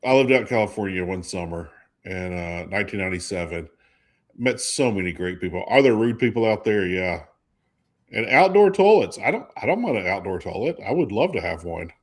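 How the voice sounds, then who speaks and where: A man with a slightly low voice hosts a relaxed talk show. He chats freely and keeps the conversation going with questions. His tone is lively and casual. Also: a little fast. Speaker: host. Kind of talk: casual chat.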